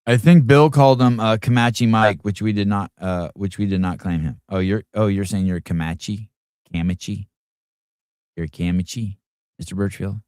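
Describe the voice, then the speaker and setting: A male podcast host in loose, offhand chat, half talking to himself as he reads comments. His voice is low and smooth. The sound is dry, with no room echo. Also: fairly even intonation, normal speed, a little mellow. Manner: offhand, muttering to himself while reading comments.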